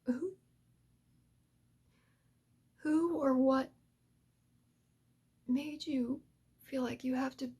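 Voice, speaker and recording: A woman's voice: high-pitched, gravelly, mellow, breathy edge. A woman hosting an ASMR channel gives an earnest, emotional talk to creators and drifts in and out of a whisper. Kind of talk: soft-spoken heartfelt talk to creators.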